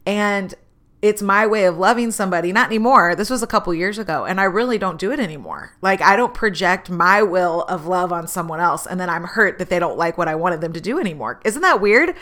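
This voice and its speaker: A woman telling a personal story in a candid, animated way, acting out the voices of people in it. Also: on the low side, a little fast. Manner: candid, animated, acts out quoted dialogue.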